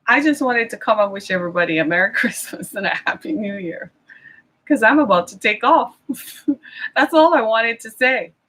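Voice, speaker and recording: Woman, middle-aged, indignant rant, rhetorical questions, exasperated, bright tone. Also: on the high side, animated, moderate pace. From Michigan. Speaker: vlogger. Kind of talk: impassioned political rant.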